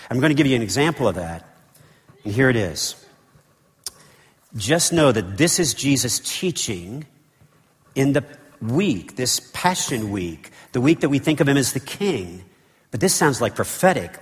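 A man's voice: medium pitch, sing-song, normal speed, big-room sound. A man preaching a sermon as pastor, emphatic, with repeated phrases and casual asides to the congregation. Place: church sanctuary.

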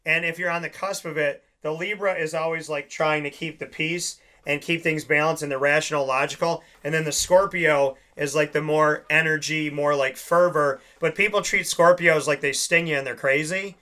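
A young man with a bright, fairly high voice talks in a loose, rambling way. He hosts a casual chat and tells long stories, and he acts out the lines of the people he quotes. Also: fairly even intonation, moderate pace, hardly any pauses. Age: young adult.

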